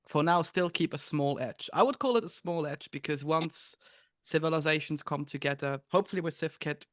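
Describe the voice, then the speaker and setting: Host guy chatting casually, higher voice, dry room. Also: no echo. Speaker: podcast host. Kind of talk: casual interview chat.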